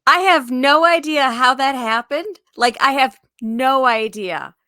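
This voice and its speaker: A woman's voice: high-pitched, unhurried, pushed and bright. A woman co-hosting a podcast, playful and giggly in casual chat. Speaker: podcast co-host.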